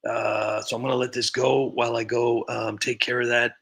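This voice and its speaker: Brief: chuckling, self-mocking streamer, gravelly and bright with a husky edge. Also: male voice, mid-range voice, little pitch movement, moderate pace. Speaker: livestream host and impressionist. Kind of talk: casual livestream chat.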